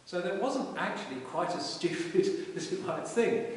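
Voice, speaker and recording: Guy preaching in a church, casual storytelling, kinda high voice, mic far off w/ big echo. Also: lively intonation, normal speed, hardly any pauses. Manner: informal storytelling with frequent restarts. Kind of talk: conversational sermon. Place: parish church. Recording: echoey church hall from far off with hiss.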